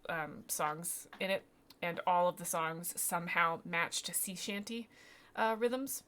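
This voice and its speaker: A woman's voice: fairly low pitch, fairly even intonation, a little slow, pushed and bright. A woman narrating as game master of a tabletop game, rambling and self-deprecating, with many fillers and restarts.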